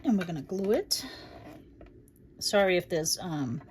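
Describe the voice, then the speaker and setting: A woman with a Boston accent and a slightly low voice chats along as she walks viewers through a crafting project. She thinks aloud as she works and greets viewers between steps, with a faint hiss of background noise. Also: expressive, a little slow. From Massachusetts. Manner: chatty, thinks aloud while working, greets viewers by place. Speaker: crafting livestream host. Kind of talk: casual crafting demonstration, chatting with viewers.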